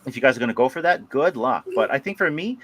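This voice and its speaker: A man co-hosts a casual livestream about collectibles, talking fast at a medium pitch. He's animated, laughs often, and greets viewers by name.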